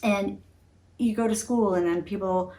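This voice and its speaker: A chatty middle-aged woman talks straight to her camera at home. She comes across earnest and laughs easily between thoughts, with a voice of ordinary pitch. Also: fairly even intonation, a little slow, dark tone. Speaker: beauty vlogger. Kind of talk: casual talk to camera.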